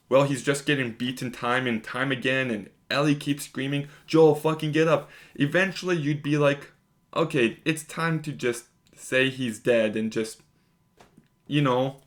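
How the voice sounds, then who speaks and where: A young man at an average pitch talks straight to the camera in a casual video review. He is emphatic and conversational and leans on fillers as he makes his points. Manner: emphatic, conversational, lots of "like" and "you know".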